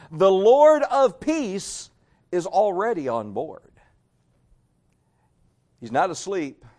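A man preaching a sermon to a church congregation, swinging between loud emphasis and hushed asides. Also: fairly high pitch. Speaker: pastor.

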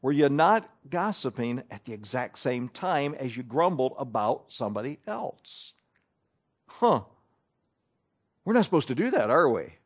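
A man's voice: mid-range voice, very animated, measured pace. A man preaching a sermon in a conversational way, asking his listeners questions as he reads and explains scripture.

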